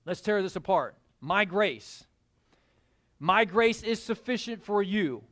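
A woman's voice: medium pitch, very animated, takes it slowly, long pauses, fairly bright tone, dry recording. A woman preaching a sermon who repeats key words for emphasis and puts questions to her listeners.

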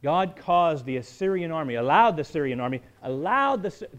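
A man's voice: fairly high pitch, expressive, normal speed, lo-fi sound. Man preaching a conversational sermon. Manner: conversational, joking asides, swings between quiet and emphatic. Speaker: pastor.

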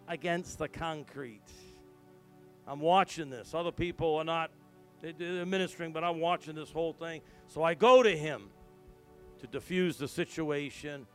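A middle-aged male pastor preaching, his fairly high voice telling a story in hushed tones before rising to loud, emphatic calls. Soft music plays faintly behind him. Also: clean tone. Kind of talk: sermon.

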